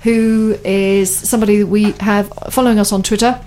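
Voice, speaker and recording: A woman's voice: mid-range voice, steady tone, moderate pace, dark tone, slight background noise. A woman hosting a radio chat show, talking enthusiastically in long, running sentences. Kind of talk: casual studio chat.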